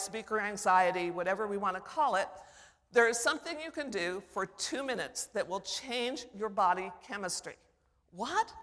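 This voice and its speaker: An older woman giving a conference workshop on public speaking, teaching with personal anecdotes in an animated way. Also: medium pitch. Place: conference hall. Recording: long hall reverb.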